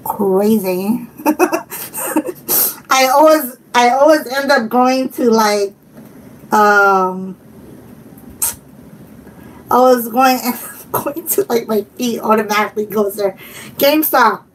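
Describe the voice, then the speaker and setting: A woman's voice: fairly high pitch, slow, long pauses. A woman chatting casually on a live stream, giggling often and talking to her viewers. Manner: giggly, chatty, laughs often and reads chat aloud. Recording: distant mic with faint background noise.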